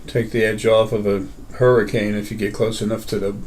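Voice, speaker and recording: A man's voice: lowish voice, flat delivery, brisk, darkish tone, a little hiss or hum. A man hosting a casual metaphysical talk, rambling with many fillers and restarts. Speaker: host.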